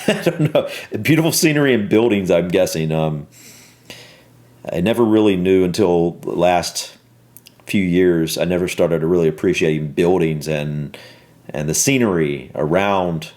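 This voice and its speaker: A man with a Southern American accent, reacting to a video in casual, rambling commentary full of pauses and ums. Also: deep voice, darkish tone. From Southern United States. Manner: rambling, halting with many ums.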